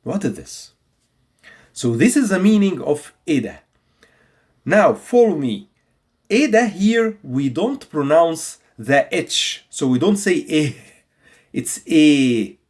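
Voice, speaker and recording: A man teaching a video language lesson, repeating example phrases slowly and patiently for learners. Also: a little high, slightly rough. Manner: patient, instructive delivery.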